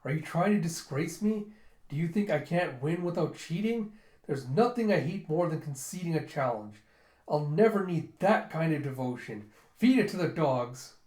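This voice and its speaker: A man reading a hot-tempered warrior lord's lines aloud in loud, scornful commands, in an echoey room. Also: fairly high pitch, animated, normal speed, close to an everyday voice. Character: proud, hot-tempered male warrior lord.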